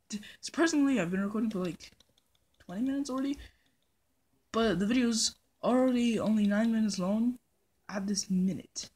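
Long pauses break up this gaming host's otherwise normal-speed delivery; her voice is on the high side, a little mellow and breathy. In a put-on British accent she rambles through casual let's-play commentary, joking at her own expense and humming nonsense, recorded by phone.

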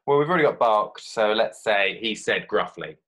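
A man's voice: on the low side, lively intonation, normal speed, fairly bright tone. Male teacher explaining steps. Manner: friendly, explanatory, talks children through each step. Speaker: primary school teacher. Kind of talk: online literacy lesson.

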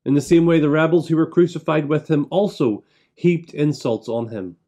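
A male minister leads a broadcast church service, praying and reading scripture aloud in a measured, solemn manner with deliberate pauses between phrases. His voice is somewhat higher and mellow.

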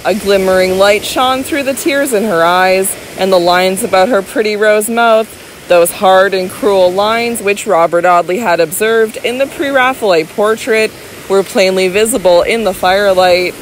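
A woman's voice: mid-range voice, moderate pace, slight background noise, poor audio. Woman narrating a classic novel dramatically. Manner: dramatic, impassioned literary reading. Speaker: audiobook narrator. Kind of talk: scripted narration.

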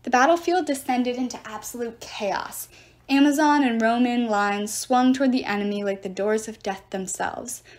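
Expressive woman reading a novel aloud. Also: on the high side. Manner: expressive storytelling. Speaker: reader.

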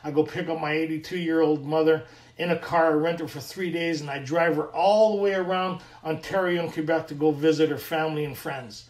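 A man's voice: fairly high pitch, fairly even intonation, brisk, a little mellow, roomy sound, recorded from a distance. A middle-aged man from Canada, earnestly sharing a personal recovery story at a meeting and acting out the dialogue.

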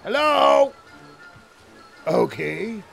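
Gravelly, slow-talking streamer man. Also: extremely high pitch, very animated, a bit bright, soft background music. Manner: rambling, stammering, jokey. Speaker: streamer playing a game. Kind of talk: casual gameplay commentary.

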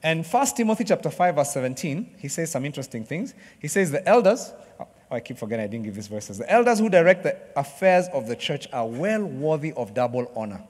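A man preaching a sermon to a church congregation, joking with the crowd and acting out excited sports fans. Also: a little high, fairly quick. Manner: lively, jokes with the congregation, acts out excited fans. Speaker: pastor. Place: church hall. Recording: long hall reverb.

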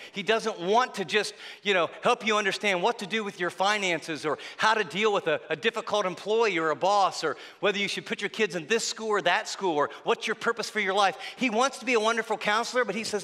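A man preaching a sermon, telling the story dramatically and swinging between loud passages and hushed ones. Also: high-pitched, brisk, hardly any pauses, big-room sound. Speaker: pastor.

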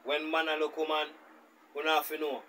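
A man with a Jamaican accent hosting a reaction video, telling a story in an animated manner. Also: a little high, brisk, slight background noise, poor audio. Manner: animated, speaks in Jamaican Patois. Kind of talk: storytelling commentary.

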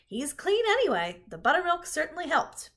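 A woman voicing a practical farm wife who speaks briskly and matter-of-factly, with a husky tone. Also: high-pitched, wildly swooping pitch, fairly bright tone, voice pushed up, exaggerated voice.

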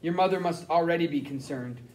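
A man voicing a middle-aged German spy who speaks quietly in stiff, formal phrases. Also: fairly high pitch, fairly quick, natural voice. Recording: roomy echo.

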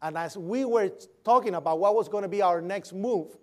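A man's voice: high voice, normal speed. A man giving an eyewitness account as vivid storytelling, imitating the sounds and voices he heard. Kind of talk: recounting a personal account.

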